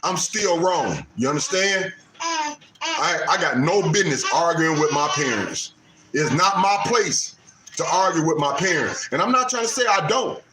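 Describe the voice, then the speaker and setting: A man's voice: fairly high pitch, lively intonation, moderate pace, roomy sound, noisy background. A man in his late fifties on a casual live stream, preaching about respect for parents and repeating his points for emphasis. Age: 50s. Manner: preachy, repeats lines for emphasis, Southern American Black vernacular. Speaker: livestream host.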